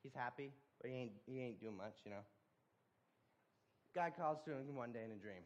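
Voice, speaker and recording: A man's voice: medium pitch, normal speed, lo-fi sound. A man preaches in a folksy, storytelling way. His delivery is loose and conversational, with casual asides to the listeners. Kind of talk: sermon.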